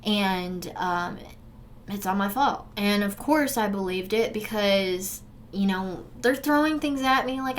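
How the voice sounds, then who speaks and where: A young woman speaks straight to her viewers in an earnest, emotional vlog. Her voice sits at a middle pitch and moves between forceful urging and soft, hushed recollection. A faint room hum sits behind her. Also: takes it slowly. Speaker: vlogger sharing a personal story. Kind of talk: candid direct-to-camera storytelling.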